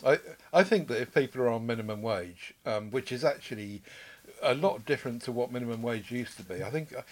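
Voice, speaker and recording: A man's voice: medium pitch, brisk. An older man hosting a podcast, chatting in an easygoing, rambling way. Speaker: podcast host. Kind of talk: casual chat.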